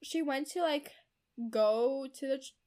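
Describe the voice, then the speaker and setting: A woman's voice: high voice, a little slow, darkish tone. A young woman casually retelling a novel's plot, leaning on "like" and acting out the characters' lines. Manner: chatty, heavy use of "like" as filler; acts out characters' quoted lines.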